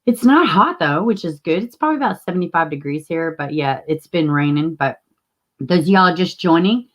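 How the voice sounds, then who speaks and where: A woman's voice: on the low side, lively intonation, brisk. Chatty woman hosting a livestream. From Tennessee, US. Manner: chatty, greets viewers by name, frequent fillers. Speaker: livestream host. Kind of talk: casual livestream chat.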